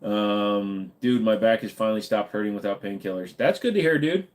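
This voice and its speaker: A man's voice: on the low side, normal speed. A tired, cranky man hosts a casual live stream from home, answering viewer questions. He has a slight Minnesota accent. He wisecracks and swears offhandedly. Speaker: livestream host.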